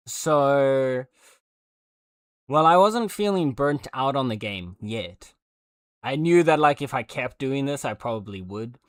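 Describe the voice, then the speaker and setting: A man's voice: mid-range voice, lively intonation, takes it slowly, dry recording. Rambling male streamer, dry sound. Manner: rambling, chatty, full of fillers and restarts. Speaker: livestreamer. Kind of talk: casual livestream chat.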